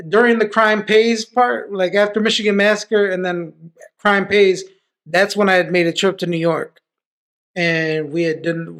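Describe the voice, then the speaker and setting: High-voiced man telling loose stories. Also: a bit bright. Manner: loose, profane, full of restarts. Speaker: podcast guest. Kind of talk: casual storytelling.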